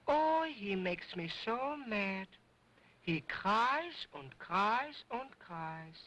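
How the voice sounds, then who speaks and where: A man's voice: extremely high pitch, sing-song, slow, pushed and bright, full character voice, poor audio. A sassy wooden boy dummy. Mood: joking. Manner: sassy, broken grammar, mocking. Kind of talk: early sound film acting.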